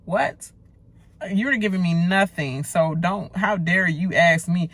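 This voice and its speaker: A woman's voice: on the low side, lively intonation, slow pace, no echo. A woman giving a casual, outspoken reaction rant about a reality show, talking loosely with slang and lots of fillers. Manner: blunt, outspoken, heated ranting.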